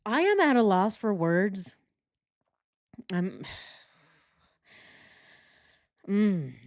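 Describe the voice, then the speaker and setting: A woman reacting to court coverage, speaking haltingly with many restarts and pauses, shaken by what she hears. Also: mid-range voice, sing-song, dry recording, clean studio sound. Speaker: true crime commentator.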